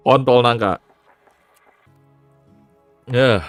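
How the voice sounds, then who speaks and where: A man, a VTuber chatting casually on stream, animated, laughing often and swearing freely. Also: mid-range voice, dry recording.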